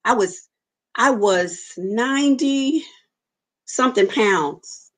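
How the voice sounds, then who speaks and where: A woman's voice: a little high, expressive, slow. Woman telling her story earnestly. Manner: earnest storytelling, acts out quoted dialogue. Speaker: interview guest. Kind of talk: personal testimony in conversation.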